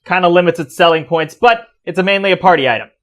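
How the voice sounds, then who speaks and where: A man co-hosting a podcast, improvising a comedy product pitch in a dry, matter-of-fact way. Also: fast, fairly bright tone. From United States. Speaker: podcast co-host.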